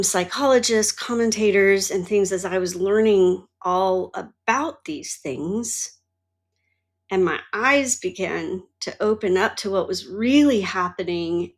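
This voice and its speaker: A middle-aged woman hosting her own show, talking candidly about her life and swearing freely. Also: mid-range voice. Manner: candid and animated, swears, acts out her own past reactions. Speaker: podcast host and mentor. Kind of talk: personal monologue.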